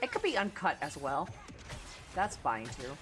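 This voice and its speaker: A woman livestreaming a game, talking crudely to her chat and yelling at her teammates. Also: sits low, huge pitch swings, unhurried, over music. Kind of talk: live gaming stream chat.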